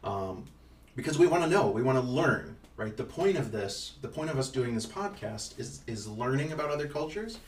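A man's voice: mid-range voice, lively intonation, moderate pace. A man co-hosting a casual podcast as a father, talking in a rambling, playful way with lots of ums and restarts. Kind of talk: casual chat. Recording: echoey room, distant from the mic, faint noise.

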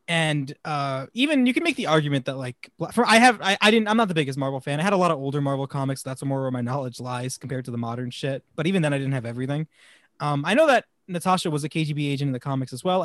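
A man's voice: fairly high pitch, no room sound, studio quality. A man hosting a casual podcast about films, rambling and stumbling over his words and laughing often. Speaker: podcast host.

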